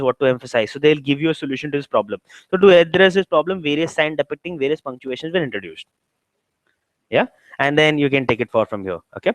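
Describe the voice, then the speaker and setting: A man's voice: on the high side, dry recording, rough recording. Man, Indian English accent, exam prep tutor, classroom lecture, keeps asking "okay?", dead dry sound. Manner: explains step by step, rhetorical questions, frequent "okay".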